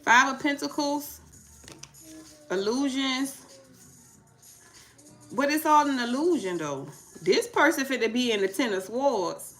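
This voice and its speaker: Woman tarot reader, high bright voice, emphatic and preachy, faint music behind. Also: animated, slow pace, long pauses. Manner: emphatic, preachy, talks back to her own points. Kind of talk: casual tarot reading livestream.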